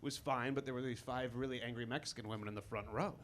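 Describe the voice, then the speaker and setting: A man from Chicago performing a stand-up comedy set, telling stories in a wry, conversational, self-deprecating way with quick asides. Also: mid-range voice, fairly even intonation, a little hiss or hum. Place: comedy club stage with a live audience.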